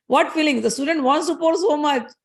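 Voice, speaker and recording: A woman, a spiritual teacher who tells devotional scripture stories in an animated, expressive way. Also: high voice. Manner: animated, expressive, chants Sanskrit verses rapidly.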